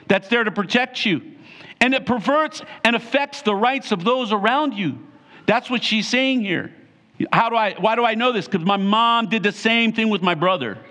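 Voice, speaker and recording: A man's voice: high-pitched, a bit bright. A male pastor preaching a sermon emphatically, repeating short phrases for emphasis.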